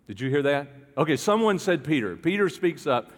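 A man's voice: a little high, very animated, fairly quick. A pastor preaching a conversational sermon, asking his congregation questions as he goes. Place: church hall with a congregation. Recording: long hall reverb.

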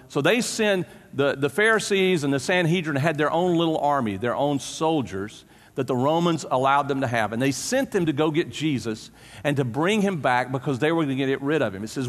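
A man with a slightly high voice preaches a relaxed, conversational sermon. He tells the story with animation and stumbles over restarts. His words ring out with a long reverb in a church hall. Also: normal speed.

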